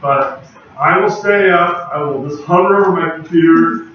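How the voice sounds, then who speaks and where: A man's voice: fairly high pitch, moderate pace. A man giving a university lecture in a casual, conversational way, chatting with the class and adding asides. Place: large lecture hall. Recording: very echoey hall, voice far from the mic, dull lo-fi sound, faint background hum.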